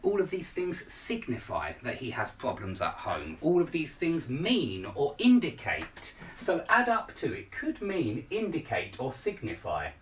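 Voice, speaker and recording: Man, teacher, patient, example-led, animated intonation, a bit off-mic. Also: fairly high pitch, a little slow, few pauses, recorded from a distance, a little hiss or hum. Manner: patient, explains with everyday examples. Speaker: English teacher. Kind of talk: online lesson explanation.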